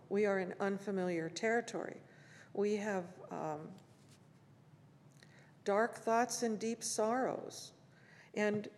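A woman speaking at a morning service, reciting poetry and reflecting on it in a gentle, pausing way. She speaks slowly, and her voice sits at an ordinary pitch for a woman. The sound rings on in a large, reverberant hall. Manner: gentle, unhurried, with long pauses.

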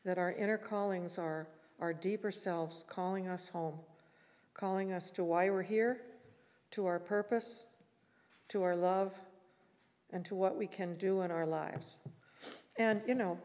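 In a reverberant hall, a woman speaks at a morning service with a mid-range voice, offering reflections and reciting poems. Her pace is gentle and unhurried, with long pauses separating her phrases.

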